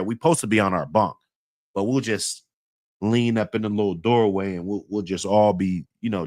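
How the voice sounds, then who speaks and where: A man's voice: lowish voice, no echo, studio quality. A man casually telling a long story in heavy slang, rambling with many fillers and laughing often as he talks.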